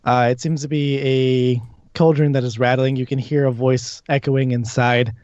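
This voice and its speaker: A man's voice: mid-range voice, level tone, normal speed, darkish tone, dry recording. Man game master, casual narration, dry close sound, lo-fi audio. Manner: laughs often, casual.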